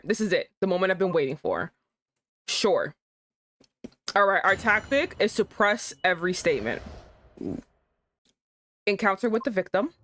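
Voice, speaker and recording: A woman's voice: medium pitch, a bit bright. A young woman streaming a game, chatting casually, swearing freely and laughing often. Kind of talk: casual game let's-play chat.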